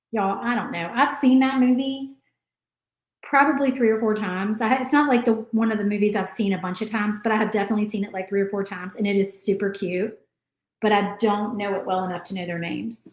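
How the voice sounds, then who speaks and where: A woman's voice: medium pitch, darkish tone. A woman, chatting casually while she paints and reads viewer comments aloud on a craft livestream. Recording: roomy echo.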